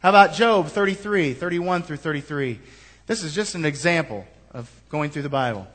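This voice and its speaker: A man preaching a sermon as pastor, reading scripture aloud and pressing the congregation with rhetorical questions, moving between quiet asides and rising, emphatic lines. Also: a little high, animated, moderate pace.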